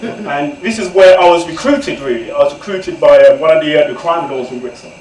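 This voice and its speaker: A man's voice: fairly high pitch, brisk, a crowd in the background. A man in his forties telling his life story to an audience, candid and conversational, often turning to the listeners directly. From England. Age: 40s. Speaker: guest author speaker. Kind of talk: personal storytelling talk to an audience. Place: event room with an audience. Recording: echoey room, far from the mic.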